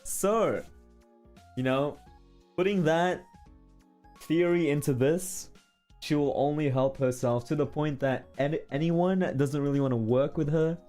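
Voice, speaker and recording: Slow, mellow-voiced male streamer. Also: on the high side, faint music behind. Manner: rambling, checks in with "okay?" and "right?". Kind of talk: casual storytelling to chat.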